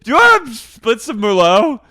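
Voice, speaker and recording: A man voicing a tipsy, eager middle-aged woman who keeps pushing her friends to order more wine, shouting with bursts of laughter. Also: wildly swooping pitch, moderate pace, exaggerated voice. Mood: shrill, pushy. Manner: shrill, shouting, breaking into laughter.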